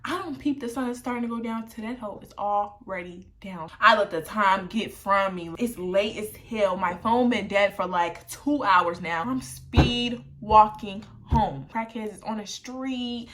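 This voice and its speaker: A woman's voice: medium pitch, measured pace, few pauses, a bit bright. A young woman chatting through a storytime while getting ready on camera, slangy and laughing along. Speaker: vlogger.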